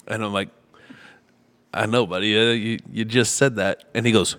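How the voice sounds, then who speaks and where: A man's voice: on the low side, steady tone, measured pace, pauses often, fairly bright tone. A man co-hosting a casual podcast, teasing a friend and retelling a night out. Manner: teasing storyteller, quotes friends for laughs. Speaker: podcast co-host. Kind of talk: casual beer podcast banter.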